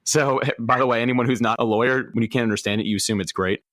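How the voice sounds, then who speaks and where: A man hosting a podcast interview, asking questions and telling an animated personal story, acting out the people he quotes. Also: mid-range voice, fast talker, no echo, studio quality. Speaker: podcast host.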